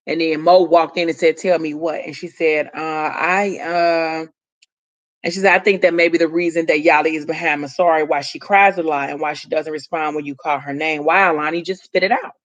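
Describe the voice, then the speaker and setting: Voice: mid-range voice, fairly bright tone. A vlogger casually retelling a story to viewers, rambling with loose asides and talking straight to the audience. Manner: talks straight to viewers, chatty.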